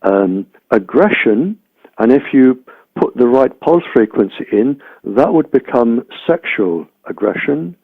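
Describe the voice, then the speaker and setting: Man, slow and deliberate, hesitant ums. Thin phone-line sound, dry. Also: mid-range voice, lively intonation, creaky, no room sound. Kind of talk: slow explanatory talk.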